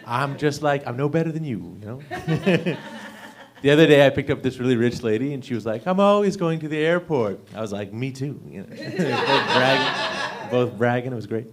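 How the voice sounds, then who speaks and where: A man's voice: medium pitch, normal speed, crowd noise. A young man performing a stand-up set at an open mic, with an awkward, self-deprecating delivery full of fillers. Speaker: stand-up comedian. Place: comedy club stage.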